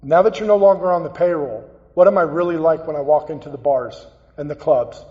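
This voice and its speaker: A man giving a personal, earnest recovery talk as a guest speaker, halting and repeating phrases as he tells his story. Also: fairly high pitch. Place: meeting hall. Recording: dull, echoey hall recording.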